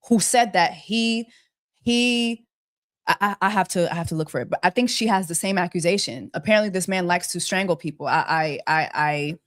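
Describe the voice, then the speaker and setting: A woman hosting a celebrity gossip livestream, talking casually and exasperated, firing off repeated rhetorical questions and mocking with quacking bird jokes. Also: fairly low pitch.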